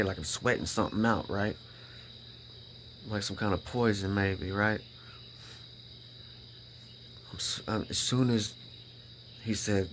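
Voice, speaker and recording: A man with a very low voice tells his faith testimony in an earnest, casual way. He stumbles, repeats himself and keeps asking "right?" A faint chirp of crickets sits behind him. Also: fairly bright tone, a little hiss or hum. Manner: emphatic, repeats himself, keeps checking in with "right?" and "you know?"; halting restarts when emotional. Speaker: vlogger sharing a personal faith testimony.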